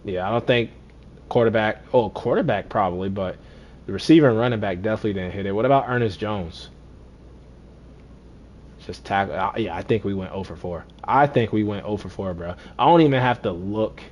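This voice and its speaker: Low-voiced man commentating his football game. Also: a little fast, dull audio. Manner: talks to himself, repeats phrases, swings between deflated and excited. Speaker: gaming streamer.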